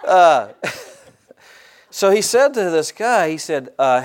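A man's voice: on the high side, animated, takes it slowly, pauses often. A middle-aged man preaching a sermon in a church, folksy and joking, with frequent amens and hallelujahs. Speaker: pastor.

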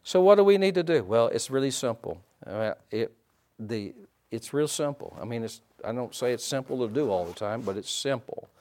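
A man preaching a sermon as pastor, asking his listeners for responses and swinging from hushed to loud. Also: mid-range voice, expressive, normal speed. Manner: asks the congregation for responses.

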